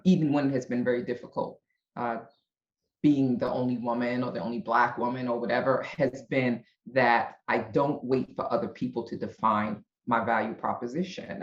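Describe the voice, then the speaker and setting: Animated middle-aged woman with a Brooklyn accent. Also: very deep voice. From Brooklyn, New York. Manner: animated storyteller, laughs often. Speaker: guest. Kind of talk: casual interview chat. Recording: roomy, dull-sounding audio.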